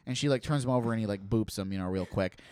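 A man's voice: fairly low pitch, quick pace, smooth, dry recording. A man, telling profane stories in casual podcast chat and acting out the people in them. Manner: profane, animated, acts out voices of people in his stories. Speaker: podcast co-host.

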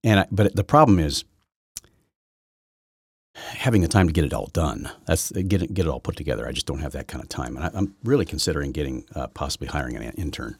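A man hosting his own podcast from his basement, rambling through a political rant that swings from loud outbursts to low muttering, with many restarts. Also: lively intonation, quick pace, gravelly, slightly rough, dry recording, clean studio sound. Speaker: podcast host. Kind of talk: solo political commentary rant. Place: home basement.

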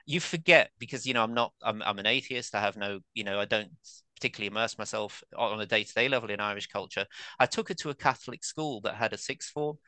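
A man's voice: lowish voice, fast, pushed and bright, no room sound. A man in his fifties from England, a guest author and academic, talking casually and self-deprecatingly, full of asides and fillers. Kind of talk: casual conversational interview.

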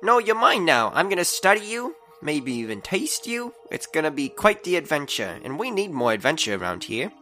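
A man's voice: fairly high pitch, sing-song, sharp tone, faint music behind. A man voicing a cocky, loyal young rabbit-folk adventurer in a tabletop game, confident and boastful. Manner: confident, boastful, slightly halting. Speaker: tabletop player.

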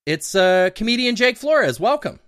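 A man hosting a podcast, chatting casually, lively and laughing often with loose swearing. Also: high voice, moderate pace, smooth, no echo, studio quality. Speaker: podcast host.

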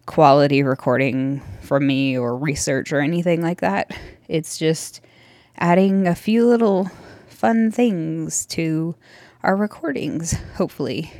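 A woman's voice: lowish voice, a little mellow, no echo, studio quality. A woman podcast host giving a casual, rambling solo update from her dining room, sounding out of breath and apologetic. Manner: chatty, apologetic, rambling with many fillers. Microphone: close handheld microphone.

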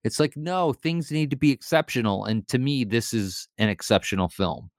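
A man's voice: mid-range voice, expressive, moderate pace, no room sound, studio quality. A man hosting a podcast in casual chat, playful and joking, laughing often. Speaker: podcast host.

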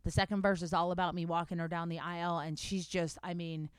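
A woman's voice: fairly low pitch, flat delivery, a little fast, smooth, dry recording, natural voice. A woman quoting a pushy, demanding father of a bride who curses bluntly.

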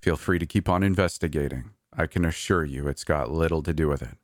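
A man's voice: extremely low pitch, fairly quick, dry recording. A man voicing a guarded middle-aged park manager who speaks dryly and bluntly. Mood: grave. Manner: dry, quiet, blunt.

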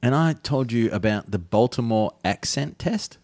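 A man's voice: medium pitch, normal speed, no echo. A man co-hosting a podcast in casual chat, full of ums and restarts. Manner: hesitant, many ums and restarts, animated. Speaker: podcast co-host.

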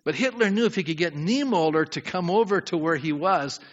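A man preaching a sermon as pastor, lively and questioning his congregation. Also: fairly high pitch, a little fast. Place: church sanctuary. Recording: dull sound with long hall reverb.

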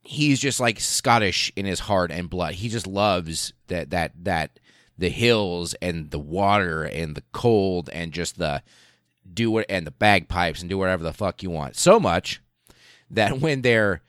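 A man's voice: low-pitched, measured pace, no echo, clean studio sound. A man hosting a podcast, telling a history story casually and animatedly, with lots of swearing. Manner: profane, animated, laughs while telling. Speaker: podcast host.

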